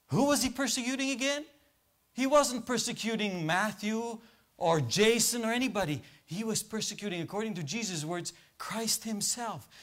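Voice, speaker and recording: A man's voice: high voice, fairly bright tone. A man preaching a sermon in a church, asking the congregation questions and waiting for their answers. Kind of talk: interactive sermon.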